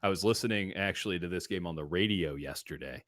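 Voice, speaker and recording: A man's voice: deep voice, quick pace, fairly bright tone, no echo, clean studio sound. A man hosting a sports betting show, giving his picks in casual talk and riffing with comic exaggeration. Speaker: sports betting podcast host.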